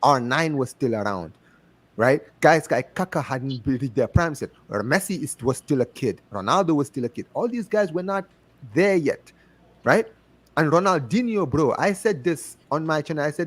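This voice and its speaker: A man's voice: fairly high pitch, expressive, moderate pace. A man with an African accent, a guest in casual chat, talking passionately and repeating himself for emphasis. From United States. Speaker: guest on a fan show.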